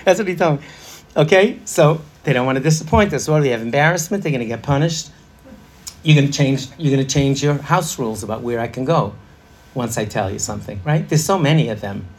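Husky middle-aged man leading a parenting workshop. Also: mid-range voice, lively intonation, fairly quick. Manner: chatty, quizzes the audience, laughs often. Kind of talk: interactive workshop talk. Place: room with a live audience.

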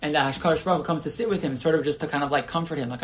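A man's voice: a little high, very fast. A man leading an informal Torah class, talking conversationally with many restarts and putting questions to the group.

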